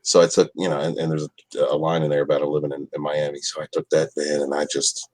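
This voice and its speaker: A man's voice: very deep voice, flat delivery, quick pace, a little mellow, no room sound. A man chatting casually on a podcast, rambling and crude, stumbling over his words and laughing often. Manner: crude, rambling, stammers and restarts, laughs a lot. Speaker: guest on a podcast.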